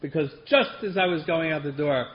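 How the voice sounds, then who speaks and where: A man's voice: fairly high pitch, moderate pace, dull audio, slight background noise. A man telling a personal recovery story to a group, wry and self-deprecating, often laughing through the funny parts. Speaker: speaker sharing a recovery story.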